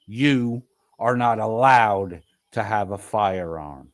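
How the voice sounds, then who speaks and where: A man's voice: lowish voice, drawn-out words, long pauses. A man hosting a livestream, reading chat and ranting with profanity and taunts. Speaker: stream host reading chat. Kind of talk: heated livestream commentary.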